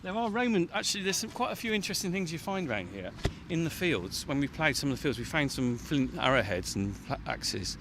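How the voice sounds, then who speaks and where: In this radio feature, a man farming a field keeps up casual chatter as he digs, laughing a lot and puffing from the effort. His voice is fairly high and fairly bright, with big swings in pitch, delivered fairly quickly with few pauses. There's slight background noise.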